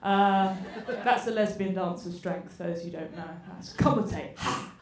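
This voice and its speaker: Speaking at a measured pace in a mid-range voice, an English woman performs stand-up in a theatre and ribs the crowd brashly. Audience laughter fills the background of the distant, roomy recording.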